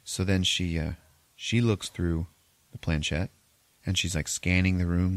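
Deep-voiced man rambling through a movie recap. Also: steady tone, a little slow, no room sound. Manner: profane, rambling retelling with acted-out quotes. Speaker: podcast host recapping a film. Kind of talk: casual movie recap chat.

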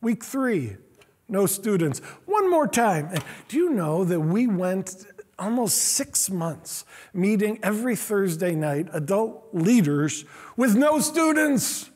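Pastor, man, middle-aged: earnest self-deprecating sermon storyteller, raspy and high-voiced. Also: very animated, slow, darkish tone. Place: church sanctuary.

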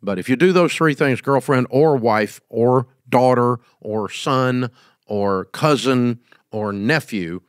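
A man's voice: mid-range voice, slow, dry recording, studio quality. A middle-aged man, hosting and giving business advice in a casual, folksy, emphatic way. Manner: folksy, emphatic, acts out quoted scenes.

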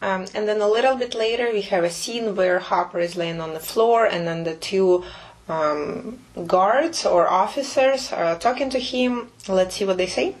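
Woman teaching. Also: medium pitch. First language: Russian. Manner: explains patiently, repeats phrases slowly. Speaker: Russian teacher. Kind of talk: casual language lesson.

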